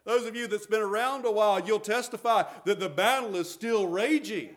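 A man's voice: high-pitched, moderate pace. A middle-aged man, preaching a sermon as pastor, emphatic and repetitive.

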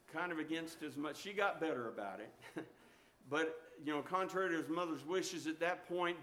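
Bright-voiced preacher telling a story. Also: male voice, fairly high pitch. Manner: storytelling, animated, exhorting. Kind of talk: sermon.

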